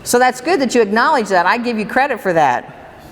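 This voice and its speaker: Speaking a little fast with lively intonation and a slightly high voice, a woman hosts a workshop for people gathered in a hall. She talks to them conversationally and asks them questions, with reverb and faint room noise audible.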